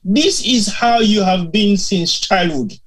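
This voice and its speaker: A Sierra Leonean man with a Krio accent speaks as a co-host in a fairly high voice. He talks in a measured, earnest way, building his point slowly. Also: fairly bright tone, slightly rough, poor audio. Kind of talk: talk show discussion.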